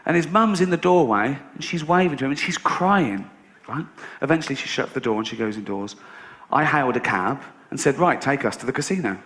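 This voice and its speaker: A man performing a stand-up comedy routine to a live audience, with a sarcastic, deadpan delivery broken by loud outbursts. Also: mid-range voice, a little fast. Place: large venue with audience. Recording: echoey live venue, audience noise. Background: audience laughter.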